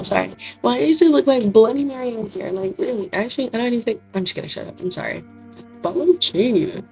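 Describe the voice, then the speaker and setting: A woman's voice: a little high, darkish tone. A young woman with a scratchy voice giving joking, self-mocking commentary while playing a horror game. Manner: jokey, self-mocking, giggly asides. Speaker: gamer. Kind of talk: let's play commentary.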